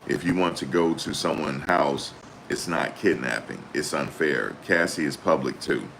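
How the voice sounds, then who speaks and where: A male channel host reads court updates aloud and reacts in an animated, blunt, slangy way, swearing freely. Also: rumbling low, normal speed, creaky, slight background noise. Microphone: desktop USB microphone.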